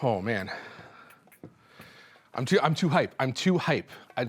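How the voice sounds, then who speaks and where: A young man hosting a cooking show, rambling and joking excitedly as he cooks and tastes in a studio kitchen. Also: medium pitch, unhurried, a little hiss or hum. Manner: hyped, rambling, joking, laughing between lines. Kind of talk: casual on-camera cooking chatter.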